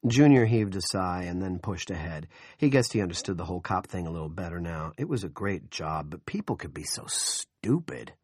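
A man reading an audiobook in steady, wry narration. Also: low voice, normal speed, husky, dry recording, clean studio sound. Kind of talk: scripted narration.

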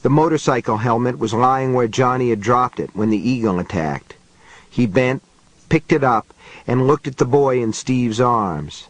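A man reading an audiobook as the narrator, with measured, unhurried storytelling. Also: mid-range voice, no echo, rough recording. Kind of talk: scripted narration.

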